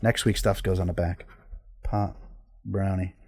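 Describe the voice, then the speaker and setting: A man's voice: deep voice, level tone, measured pace, a little mellow, a little hiss or hum. A man hosting a casual talk show, telling a long, profane story and laughing as he goes. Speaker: podcast host.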